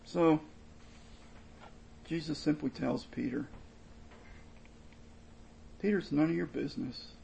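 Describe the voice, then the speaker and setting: A man with a slightly raised, gravelly voice delivers a sermon from the pulpit. He explains scripture earnestly and drives his points home by repeating them with emphasis. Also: a little high, slow pace, long pauses, mellow, a little hiss or hum, low-quality recording. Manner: earnest expository preaching, emphatic and repetitive. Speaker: pastor.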